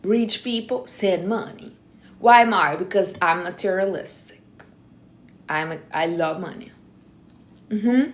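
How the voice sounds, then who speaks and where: A woman's voice: lowish voice, a little slow, pauses often. Blunt, teasing woman livestreaming advice. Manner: non-native English phrasing. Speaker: livestream host. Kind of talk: casual live-stream chat.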